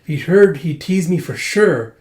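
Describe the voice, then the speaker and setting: A flustered young princess squeaks her way through, high and earnest, as a man puts her on. The voice sits well above a normal speaking pitch. A roomy echo hangs around every word. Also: lively intonation, a little slow, darkish tone. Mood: embarrassed. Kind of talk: comic readthrough voice acting.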